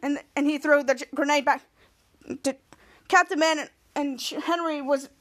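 A woman's voice: high-pitched, fairly even intonation, moderate pace, fairly bright tone, no room sound, studio quality. A woman hosting a podcast, casually recapping a TV episode scene by scene with lots of "cut to" and questioning fillers. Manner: rambling, repeats "cut to" with questioning "hmm?" fillers. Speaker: podcast host.

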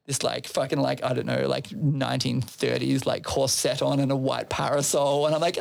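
A man's voice: mid-range voice, little pitch movement, normal speed, creaky. A man who organizes a festival, telling a long story in casual chat, swearing freely and laughing between phrases.

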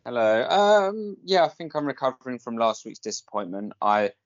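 A man's voice: mid-range voice, big pitch swings, normal speed. A young man with a posh English accent chatting hesitantly, with many ums. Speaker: podcast guest. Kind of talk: casual chat. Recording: dull lo-fi sound.

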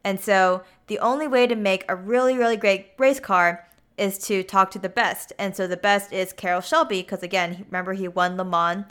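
A woman's voice: medium pitch, steady tone, normal speed, a bit bright, clean tone. A woman casually retelling a film plot, chatty and peppered with 'like' and 'you know'.

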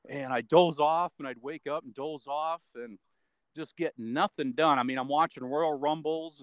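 A man's voice: mid-range voice, a bit bright, dry recording. A man talking in a loose, rambling way as an interview guest, with many fillers along the way. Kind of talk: casual spoken account.

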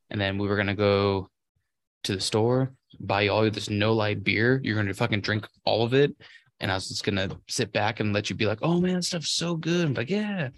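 Teasing young man, low dry voice. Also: no room sound. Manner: joking, teasing, profane. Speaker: podcast co-host. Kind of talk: casual podcast banter.

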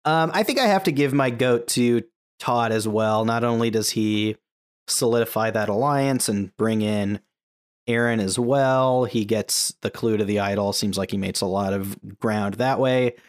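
A man hosting a casual podcast, leading picks and scores in a relaxed, joking way. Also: fairly low pitch, normal speed. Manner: laid-back, joking, leads the segments. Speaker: podcast host.

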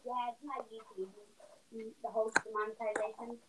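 A woman co-hosting a casual podcast, talking in a halting way with lots of fillers and chatty asides, then reading a scary story. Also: a little high, flat delivery, noisy background. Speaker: podcast co-host.

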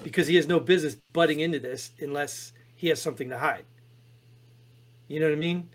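A man co-hosting a podcast, talking through political headlines in an animated, exasperated way with many restarts. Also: a little high, fairly quick. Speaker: podcast co-host reading headlines. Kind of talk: casual political chat.

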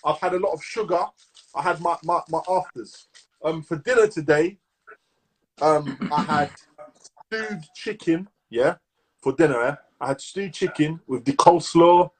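A man with a London accent co-hosting a podcast, chatting casually in lively slang and hyping his listeners. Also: fairly high pitch, normal speed, breathy edge. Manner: animated slang-heavy banter, hyping listeners. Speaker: podcast co-host. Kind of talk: casual chat.

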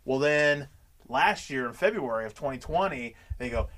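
A man's voice: medium pitch, normal speed, a little hiss or hum. A man telling stories in casual chat, swearing freely and acting out quotes. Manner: profane, animated storyteller acting out quotes. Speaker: podcast co-host.

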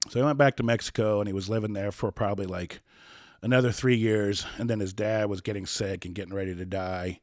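A man's voice: on the low side, steady tone, fast, no room sound, studio quality. A man telling a personal story as a podcast guest, rambling, repeating words and acting out old conversations.

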